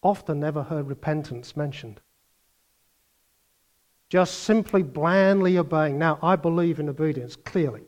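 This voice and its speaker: With a slightly high voice, an older man preaches animatedly at an unhurried pace with long pauses. He swings between loud bursts and quiet asides and mimics other voices.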